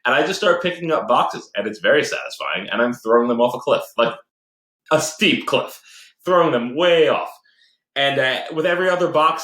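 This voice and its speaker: A man's voice: mid-range voice, fairly bright tone. A man co-hosting a casual podcast, telling a long gaming story with lots of fillers, restarts and laughter. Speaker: podcast co-host. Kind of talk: casual chat about games and movies. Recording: roomy echoey home recording.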